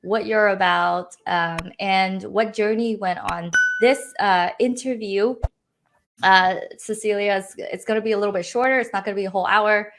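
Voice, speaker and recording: A woman's voice: medium pitch, steady tone, moderate pace, a bit bright. Woman, host, strained voice she says is going, chatty, lots of ums and uhs, live video call. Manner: chatty, rambling with many fillers. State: losing her voice.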